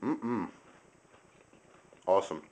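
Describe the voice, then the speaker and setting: A man's voice: low-pitched, very slow, a little mellow. A young man casually reviewing food on camera, chatty and enthusiastic, sometimes talking with his mouth full. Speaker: video host.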